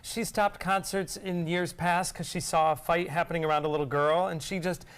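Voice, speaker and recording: A woman's voice: lowish voice, moderate pace. A woman co-hosting a talk show, telling stories animatedly in casual chat. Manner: animated storyteller.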